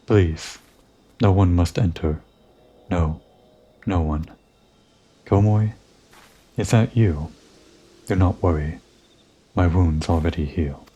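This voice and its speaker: A man reading the lines of an earnest, mysterious young woman who pleads haltingly, reading game dialogue aloud. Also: sits low, dark tone, husky, muffled recording, exaggerated voice. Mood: pleading.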